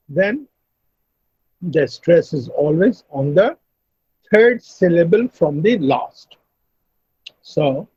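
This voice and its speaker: A man with an Indian English accent explaining word stress in an online class, working methodically through each example and often clearing his throat. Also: on the high side, a little mellow, dry recording. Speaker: English teacher. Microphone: video call. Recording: dull lo-fi video call audio.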